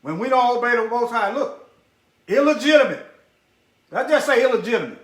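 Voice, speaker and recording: Over a screen share, a man delivers preachy commentary in a very high-pitched, brisk, animated voice with a slightly bright tone and a reverberant sound. He speaks directly to his viewers, repeats phrases for emphasis, and mutters to himself while searching.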